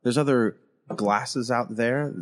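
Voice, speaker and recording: A man hosting a casual coffee review show, chatting and teasing his co-host in a relaxed way. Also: medium pitch, slow. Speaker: podcast host. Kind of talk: casual chat.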